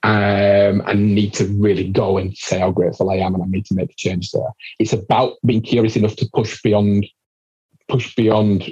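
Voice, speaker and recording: Husky man with dull lo-fi sound. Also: lowish voice, moderate pace. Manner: animated, encouraging, swears casually. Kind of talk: casual conversation.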